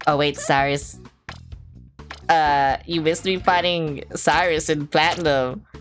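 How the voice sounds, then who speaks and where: A young woman with a notably low, dark-toned voice streams a video game. She rambles casually, swears freely and reacts with dramatic exclamations. Game music plays clearly under her voice. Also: fairly even intonation, slow pace. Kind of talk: casual gaming livestream chat. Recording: music playing over the voice.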